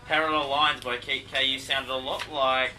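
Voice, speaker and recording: A man co-hosting a live radio show, brisk and upbeat as he plugs the stream. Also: mid-range voice, flat delivery, distant mic, low-quality recording. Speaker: radio co-host. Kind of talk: casual radio banter. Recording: music behind, off-mic.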